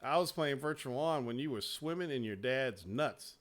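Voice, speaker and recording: A man hosting a casual gaming chat show, talking in a profane, animated way and laughing often. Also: mid-range voice, moderate pace. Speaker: show host.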